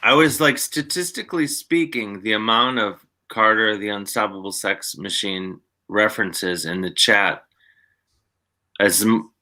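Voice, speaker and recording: Brief: male guest, loose rambling chat, sharp bright tone. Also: on the low side, unhurried. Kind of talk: casual chat.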